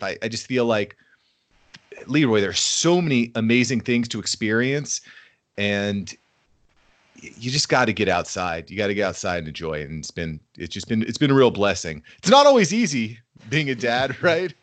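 A man in his thirties guesting on a casual podcast, his voice at an ordinary middle pitch. He talks upbeat and enthusiastic, warming to his subject as he goes. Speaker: podcast guest, fatherhood brand founder. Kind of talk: casual interview conversation.

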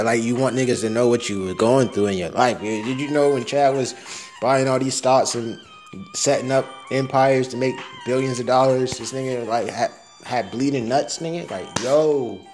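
A young man rambling through a casual, profane audio diary, laughing at his own jokes. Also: mid-range voice.

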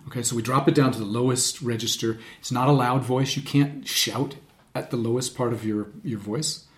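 Lively man coaching voice use. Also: normal speed. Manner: demonstrative, shifts his voice low and high to show examples. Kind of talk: casual conversation. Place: podcast studio.

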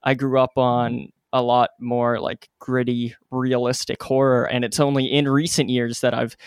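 A man's voice: mid-range voice, little pitch movement, normal speed, clean tone, no room sound, studio quality. A man co-hosting a podcast, talking candidly and correcting himself as he goes. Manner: self-correcting, hesitant, candid. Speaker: podcast co-host. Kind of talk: casual podcast chat.

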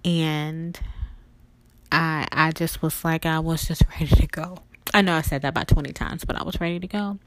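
Lady telling her own story, kinda low voice, earnest and halting, dry close sound. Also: no echo. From family roots in Louisiana. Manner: emotional, earnest, slow and halting. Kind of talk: personal storytelling.

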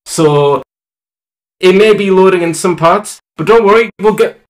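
A man's voice: high-pitched, a little slow. A man hosting a casual podcast, playful and jokey with his friends. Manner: playful, jokey, opens with a mock American accent. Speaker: podcast host.

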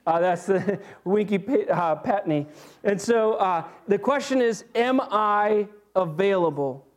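A man pastor preaching a sermon in a conversational, animated way, with frequent fillers and restarts. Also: sits high, a little slow.

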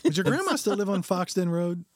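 A man's voice: high-pitched, very animated, brisk, dry recording, studio quality. Brief: man, casual podcast co-host, bouncy tone, teasing interjections. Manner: joking, chiming in with questions. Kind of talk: casual chat.

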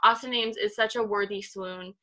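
A young woman in her twenties, co-hosting a casual chat over a video call, telling a story in an animated, fired-up way. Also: medium pitch, moderate pace. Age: 20s. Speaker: podcast co-host.

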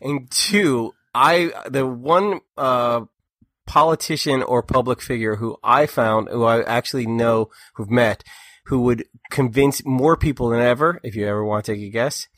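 A man co-hosting a casual political podcast, talking in an animated way and mocking people by quoting them in put-on voices. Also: mid-range voice, unhurried, no room sound, studio quality. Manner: animated, mocks others in quoted voices. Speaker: podcast co-host.

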